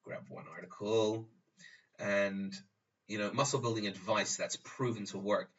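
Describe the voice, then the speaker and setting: A man's voice: fairly low pitch, fairly even intonation, unhurried. A man talking casually through a screen-recorded tutorial, rambling and restarting his phrases as he explains. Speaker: tutorial host. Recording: dull lo-fi sound, distant from the mic.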